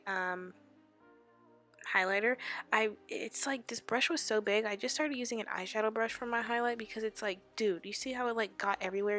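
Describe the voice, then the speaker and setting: A young woman speaking a chatty makeup tutorial voiceover in a loud whisper, late at night at home, full of "like" fillers. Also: medium pitch. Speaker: beauty vlogger.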